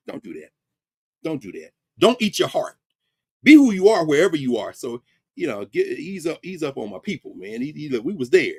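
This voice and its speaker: Animated middle-aged man lecturing. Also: fairly high pitch, a little fast, husky, no echo. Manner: animated, conversational, emphatic, with asides. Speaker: professor hosting an online class. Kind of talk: informal lecture.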